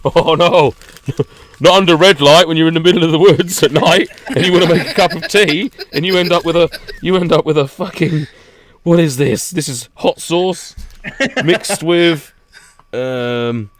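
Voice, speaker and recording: A man's voice: fairly high pitch, normal speed. A man on a podcast, ranting in a jokey way about his gear and laughing often. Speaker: podcast co-host. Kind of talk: casual chat.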